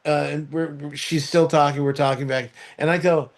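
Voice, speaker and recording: Rambling man telling a story, higher voice. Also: little pitch movement, normal speed. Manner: rambling, with many fillers and restarts; acts out others' voices in high shouts when quoting. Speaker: podcast host. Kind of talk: casual chat, storytelling.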